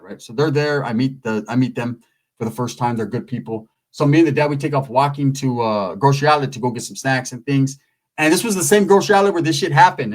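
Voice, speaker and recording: Animated, profane male storyteller. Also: medium pitch, poor audio. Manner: animated, profane, rambling with "right?" tags.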